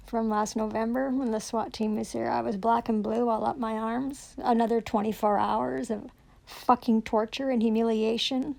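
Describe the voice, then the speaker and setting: A woman's voice: on the high side, fairly even intonation, moderate pace, gravelly, a little mellow. A woman, ranting angrily and profanely into her own recording, sarcastic and accusing. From Canada. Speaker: self-recording vlogger. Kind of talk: angry rant to camera.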